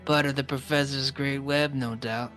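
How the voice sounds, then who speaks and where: A man voicing a surly, suspicious tough with a put-on Irish brogue, gruff and threatening, reading lines from a game. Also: medium pitch, fairly even intonation, normal speed, fairly bright tone, faint music behind, natural voice.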